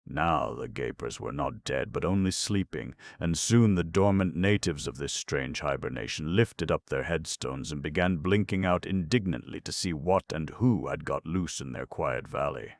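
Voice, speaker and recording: A man narrating a children's fantasy audiobook in a steady storytelling manner. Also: very deep voice, normal speed, creaky, hardly any pauses, no echo, clean studio sound. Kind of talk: scripted narration.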